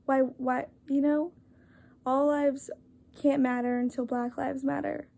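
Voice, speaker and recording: A young woman talking earnestly to camera, halting and apologetic, with many fillers and restarts as she reads a list aloud. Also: sits high, flat delivery, creaky, mellow. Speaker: vlogger. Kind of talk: earnest casual talk to camera.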